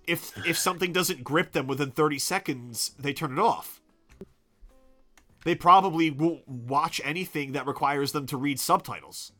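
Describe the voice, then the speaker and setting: A man with a bright, forceful voice talks in a loose, profane podcast chat. He is blunt and opinionated, and trails into fillers while he thinks. Faint music plays underneath. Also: fairly high pitch, normal speed. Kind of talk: casual podcast chat about anime.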